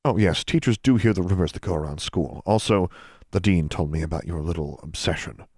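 A strict, icy schoolteacher, as a man puts her on in a storybook reading. She speaks low, soft and clipped, with quiet menace. The sound is dry and close. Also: fairly quick, husky, no echo. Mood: stern. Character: stern, cold woman teacher. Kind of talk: audiobook character voice.

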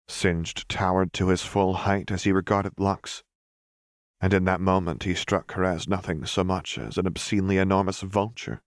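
A man narrating a fan fiction story in a measured, even manner, as a reader of an audiobook. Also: deep voice, no echo.

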